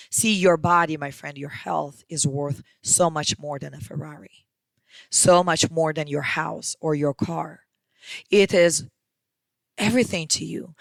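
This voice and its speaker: A woman's voice: lowish voice, creaky, no room sound. A woman hosting a podcast, giving an emphatic motivational monologue and speaking straight to the listener as her friend. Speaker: podcast host.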